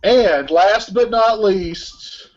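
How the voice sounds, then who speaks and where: A man's voice: high-pitched, extremely slow, dull audio. A man acting as moderator of a casual group film commentary, introducing each guest and laughing often.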